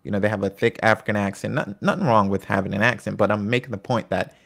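A Catholic history presenter from the United States talks fast through a history lesson from his home in Virginia, his voice somewhat low and gravelly. His style is relaxed and conversational, drifting into asides and personal stories as he explains.

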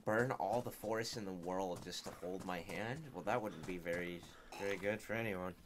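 Streamer guy, low voice, swears a lot, loud noise and clicking in the background. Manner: blunt, profane and quick to laugh. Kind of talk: casual live-stream reactions.

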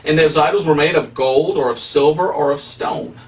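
A man's voice: fairly high pitch, normal speed. Emphatic preaching man, slightly distant mic. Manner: emphatic, preacherly, with rising stresses. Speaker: evangelist. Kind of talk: preaching Bible study.

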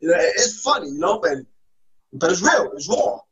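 A man's voice: a little high, big pitch swings, moderate pace, a bit bright, breathy edge, dull audio. A man being interviewed, sharing stories about his father with emotion and loose street speech. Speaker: interview guest. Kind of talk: casual interview storytelling.

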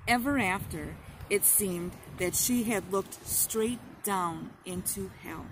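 A woman narrating an audiobook in a slow, measured reading style. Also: mid-range voice, noisy background.

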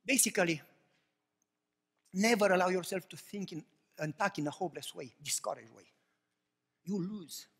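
A man preaching a passionate sermon, swinging between loud cries and hushed, low remarks. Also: moderate pace, pauses often, husky, long reverb tail. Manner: impassioned preaching, swings from shouts to hushed tones.

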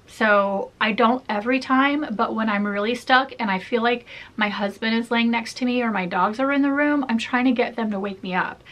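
Chatty woman vlogger, bright clear tone, laughs easily, loose casual talk to camera. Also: medium pitch. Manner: chatty, open, laughs often, many fillers. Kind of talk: casual personal vlog talk.

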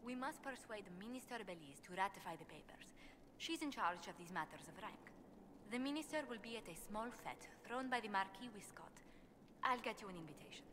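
A woman's voice: mid-range voice, animated, brisk, noisy background, close to an everyday voice. An actress playing a formal, courteous woman ambassador in a game. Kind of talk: game voice acting.

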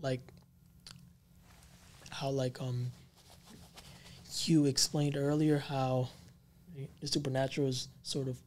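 A man hosting a casual paranormal podcast, telling a ghost story in an unhurried, meandering way. His speech is loose and slangy, packed with fillers. His voice sits at an ordinary middle pitch. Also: flat delivery, darkish tone, slight background noise. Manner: rambling, filler-heavy, slangy. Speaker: podcast co-host.

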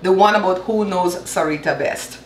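A woman's voice: on the low side, moderate pace, slight background noise. A woman from Belize in her fifties hosting a home cooking show, chatting and teasing with a playful laugh. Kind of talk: casual kitchen chat. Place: home kitchen. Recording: echoey kitchen room.

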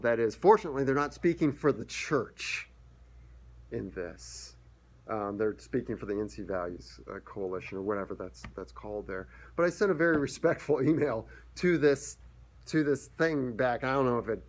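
A man preaching a sermon as pastor, earnest, often restarting his words and reading scripture passages aloud. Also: fairly high pitch.

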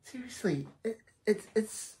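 A man reviews a TV series in a loose, rambling way. He stumbles over his words, and his pitch swings widely. His voice is dark and mellow, and he talks at an unhurried pace. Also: lively intonation, slight background noise. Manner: rambling, hesitant, blunt and scornful. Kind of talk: casual spoken review.

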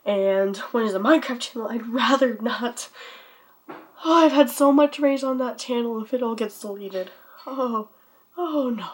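A woman's voice: a little high, moderate pace. A teenage girl making an anxious vlog plea, panicked and sighing, repeating herself, near hyperventilating in her bedroom. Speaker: channel owner.

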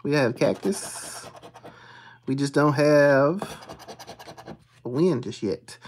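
A streamer, calling out scratch-off symbols one by one and muttering quietly while checking them. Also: mid-range voice, drawn-out words. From Texas. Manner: reads symbols aloud in a steady list, dropping to hushed mutters when checking. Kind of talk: casual play-by-play of scratching tickets.

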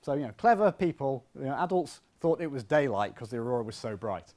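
Man, physics professor, public lecture, quick delivery, conversational, mid-pitched voice. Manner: lively, conversational, with self-deprecating asides. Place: lecture hall.

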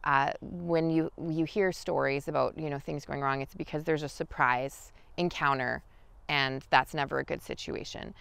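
A woman guiding an outdoor lesson in the forest, talking in a relaxed, chatty way with many fillers. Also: low-pitched, moderate pace, creaky, smooth, no room sound. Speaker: wild food guide. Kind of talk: outdoor teaching talk.

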